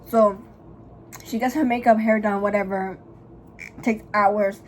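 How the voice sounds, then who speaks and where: A young woman vlogger chatting casually while doing her makeup, retelling a story in a gossipy, profane, dramatic way and bursting into loud, high laughs. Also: steady tone, unhurried, slight background noise, rough recording.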